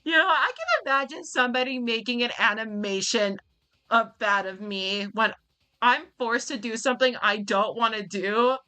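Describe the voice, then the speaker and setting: A woman in her twenties streams a game, chatting and rambling with plenty of fillers as she gives let's-play commentary. Her voice is on the high side, bright and forceful, at a moderate pace.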